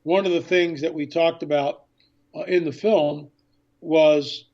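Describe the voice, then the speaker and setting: Excited man telling a story, muffled lo-fi. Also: on the high side, a little slow. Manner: excited storyteller who acts out past conversations. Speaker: author and filmmaker guest. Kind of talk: radio interview storytelling.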